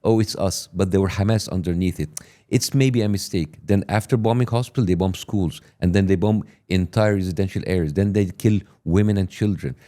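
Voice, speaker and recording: Deep, dark-voiced indignant middle-aged man. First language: Arabic. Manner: deliberate, indignant, building lists of grievances. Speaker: guest on a podcast clip. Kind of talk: pointed interview argument.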